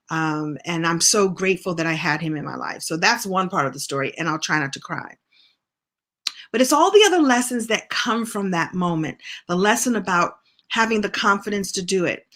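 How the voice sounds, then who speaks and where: A middle-aged woman coach telling a personal story in an animated, heartfelt way as a motivational talk. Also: medium pitch. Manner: animated, heartfelt, with self-corrections. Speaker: coach and speaker.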